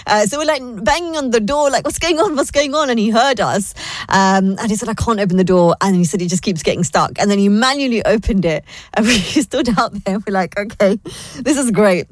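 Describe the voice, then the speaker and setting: A woman's voice: medium pitch, fairly quick, no room sound. A woman presenting a breakfast radio show from a studio, chatting and telling a story while she keeps laughing. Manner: giggly, animated storytelling. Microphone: studio microphone.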